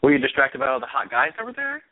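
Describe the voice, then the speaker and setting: A man co-hosting a podcast, joining in with lively, giggly banter. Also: medium pitch, quick pace. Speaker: podcast co-host. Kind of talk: casual gossipy chat. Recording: tinny phone-like line.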